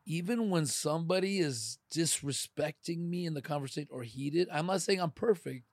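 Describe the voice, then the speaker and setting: A middle-aged man in casual podcast chat, animated and acting out quoted voices. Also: a little high, normal speed, no echo.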